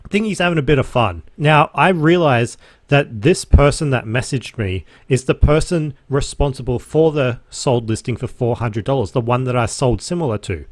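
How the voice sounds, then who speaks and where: A man's voice: medium pitch, moderate pace, few pauses, no echo, clean studio sound. A young Australian man hosting his own podcast, ranting casually and sarcastically, swearing freely as he tells his story. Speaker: podcast host, reseller.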